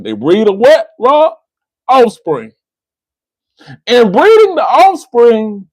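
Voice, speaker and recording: Here a man hosting a call-in debate stream lectures a caller in a high voice, saying the caller's name over and over and restarting his sentences. It's a dry recording with poor audio.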